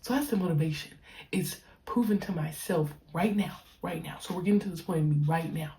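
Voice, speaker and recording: Young woman podcaster, deep low voice, laid-back slangy monologue, drags out words. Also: mellow. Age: young adult. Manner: slangy, stretches key words slowly. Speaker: podcast host, pro basketball player. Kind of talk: casual reflective monologue.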